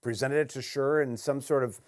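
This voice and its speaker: A man of average pitch asks questions and reflects aloud in a relaxed interview. His speech is easygoing and conversational, with the odd aside. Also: fairly quick. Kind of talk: casual interview chat.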